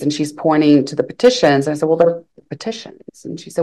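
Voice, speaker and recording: With a deep voice, she talks fast and barely pauses. The woman is an attorney from Arkansas, animatedly telling her story as an interview guest and repeating what others said to her.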